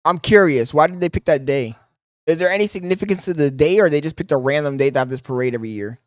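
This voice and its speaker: A man's voice: fairly high pitch, fast talker, dry recording, clean studio sound. A man streaming live, reacting to videos and making chatty, joking asides to his chat.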